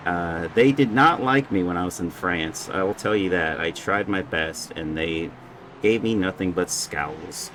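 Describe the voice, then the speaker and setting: A man's voice: deep voice, unhurried, a bit bright, a little hiss or hum. A young man giving casual, joking live commentary on a sim race and stumbling over drivers' names.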